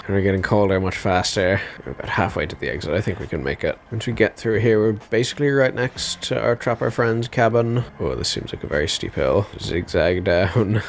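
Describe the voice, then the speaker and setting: A man's voice: fairly low pitch, slight background noise. A man giving casual gameplay commentary, wry and given to swearing and laughing. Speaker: game commentator.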